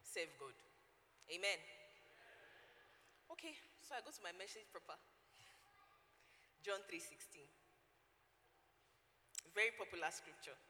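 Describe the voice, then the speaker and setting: Nigerian woman preacher, bright and forceful tone, long church reverb, faint noise; emphatic delivery. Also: fairly low pitch, expressive, measured pace, pauses often. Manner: emphatic, repeats key points, engages the congregation. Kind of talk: sermon.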